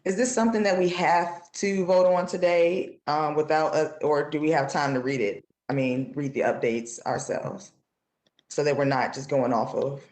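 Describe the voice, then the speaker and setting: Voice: medium pitch, steady tone, moderate pace, darkish tone. Board chair in a roomy hall. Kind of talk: chairing a public meeting.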